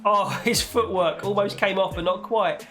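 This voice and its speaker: A young man commentating on his own football video game match, chatty with viewers and bursting into shouts when his team scores. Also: normal speed, faint music behind. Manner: excitable, shouts and leaps in pitch on goals; chatty, talks to viewers as "guys" and "boys". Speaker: gaming YouTuber.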